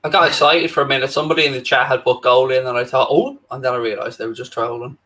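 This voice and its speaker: A man co-hosts a live football watchalong at an ordinary middle pitch. His humour is dry and teasing, with plenty of swearing. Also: steady tone, fast talker, pushed and bright, rough recording. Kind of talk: casual chat over a live match.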